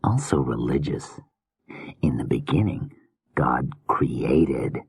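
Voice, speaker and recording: A man's voice: a bass voice, animated, slow pace, vocal fry, darkish tone, husky, dry recording, exaggerated voice. A man voicing an unhinged, weary male killer filmmaker in a slurred whisper, as whispered role-play in an audiobook. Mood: fervent.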